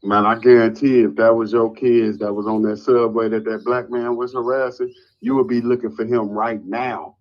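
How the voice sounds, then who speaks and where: A man's voice: mid-range voice, little pitch movement, moderate pace. A man with a mid-range voice co-hosts a casual talk show and keeps the talk going with short replies. His voice comes through a dull, lo-fi recording. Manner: conversational, backchannels often.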